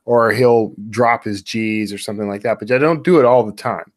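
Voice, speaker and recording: A man with a lowish voice talks through his writing methods in a loose, easygoing way, stopping on fillers as he goes. His voice comes across dry and close, with no room echo. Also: normal speed. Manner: relaxed, explanatory, many fillers. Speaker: author guest. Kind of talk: casual writing-craft chat.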